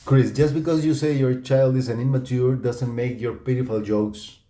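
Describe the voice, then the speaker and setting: A man's voice: medium pitch, steady tone, normal speed, mellow, echoey room. A man co-hosting a casual call chat, teasing and joking with the others. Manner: teasing, jokey. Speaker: podcast co-host.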